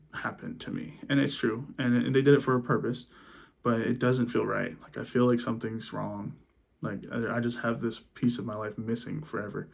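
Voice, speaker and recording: Young guy rambling thru a story on his vlog, restarts a lot, swears, mid pitch. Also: vocal fry. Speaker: vlogger. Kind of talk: casual storytelling to camera.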